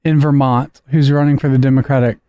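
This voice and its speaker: A man's voice: mid-range voice, little pitch movement, a little fast, dark tone, no room sound. A man co-hosting a talk show, explaining news stories at length. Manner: explains news at length, reads quotes aloud. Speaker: co-host. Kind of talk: casual discussion.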